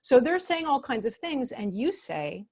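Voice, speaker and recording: Woman, workshop expert; calm, chatty delivery, slightly high, acts out sample phrases. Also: a little slow. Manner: calm, conversational, many fillers; acts out example phrases in changed tones. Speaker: expert speaker on customer service. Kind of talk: online workshop presentation.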